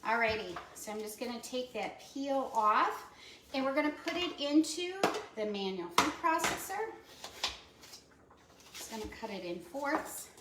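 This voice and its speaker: A woman's voice: on the high side, animated, unhurried, reverberant, distant mic, very noisy. A woman giving a chatty step-by-step cooking demonstration in a kitchen. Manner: chatty step-by-step instructions with fillers.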